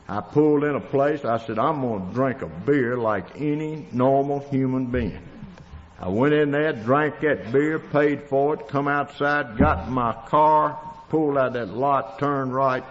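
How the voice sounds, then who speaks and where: A man with a Tennessee Southern accent telling his recovery story in a plainspoken, folksy way. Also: medium pitch. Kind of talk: storytelling testimony. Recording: dull lo-fi recording in a reverberant hall.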